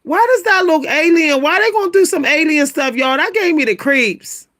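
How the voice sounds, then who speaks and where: A woman hosting a casual livestream, talking to her viewers, laughing often and exclaiming in a high squeal. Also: moderate pace. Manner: animated, keeps exclaiming "what?" in a high squeal; laughs between remarks, talks to viewers as "y'all". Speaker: livestream host reacting to pictures.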